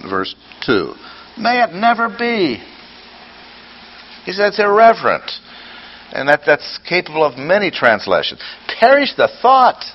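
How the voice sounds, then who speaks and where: A man preaching a sermon, asking rhetorical questions and repeating his points for emphasis. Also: a little high. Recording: dull lo-fi recording with faint ambience.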